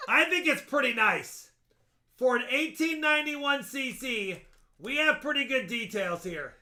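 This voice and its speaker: Bright high-voiced man hosting a coin stream. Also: animated, a little slow. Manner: chatty, jokey, talks coin grades and dates. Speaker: live stream host auctioning coins. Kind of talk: casual live auction chat.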